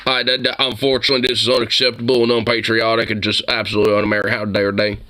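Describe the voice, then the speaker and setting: A man co-hosting a casual reaction commentary, excitable and profane, with lots of "like" fillers. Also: mid-range voice, very fast. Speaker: co-host reacting to videos.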